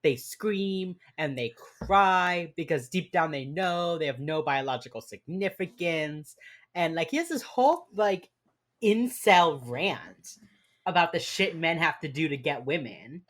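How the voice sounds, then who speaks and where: A woman's voice: deep voice, expressive, unhurried. A woman co-hosting a podcast, recapping a TV episode in casual chat with wry, dry asides. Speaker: podcast co-host.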